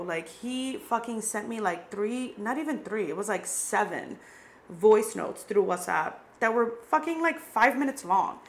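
A young adult woman hosting a podcast, telling a personal story in a candid, casual way, full of "like" fillers and swearing. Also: mid-range voice. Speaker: podcast host.

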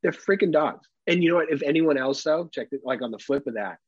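Husky-voiced man in casual banter. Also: on the high side, fast talker, no room sound, dull audio. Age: young adult. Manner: profane, animated, acts out exaggerated voices. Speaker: podcast co-host. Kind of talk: casual comedic chat.

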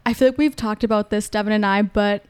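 A woman's voice: medium pitch, fairly even intonation, fast, darkish tone, smooth. A woman chatting casually as a podcast guest, telling stories and laughing often. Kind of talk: casual chat.

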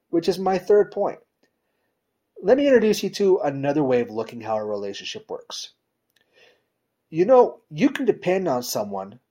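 A man preaching in a relaxed, conversational way, his voice a little husky and his pitch sitting in a middle range. He talks directly to the congregation, often checking in with "you know?" and "right?", and pushes key words louder and higher for emphasis. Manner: emphatic swings in pitch and loudness. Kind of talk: conversational sermon.

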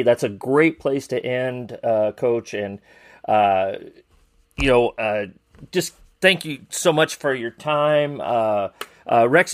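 A man hosting a podcast interview, closing it out with halting thanks and many "uh" pauses. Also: mid-range voice, no room sound, clean studio sound. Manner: brief backchannel, halting wrap-up with many "uh". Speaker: podcast host. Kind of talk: interview host.

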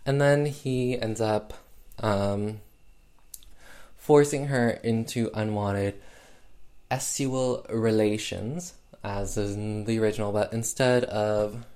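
A man with a lowish voice walks through a movie plot at an unhurried, drawling pace. He peppers it with filler words and dry, sarcastic asides. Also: darkish tone, clean tone. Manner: sarcastic, filler-heavy with lots of "um" and "like". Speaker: film recap host. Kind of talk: casual film recap.

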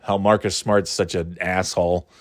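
A man's voice: sits low, moderate pace, no room sound, studio quality. Profane man ranting about basketball. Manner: profane, rambling, animated, laughs often. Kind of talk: casual sports rant.

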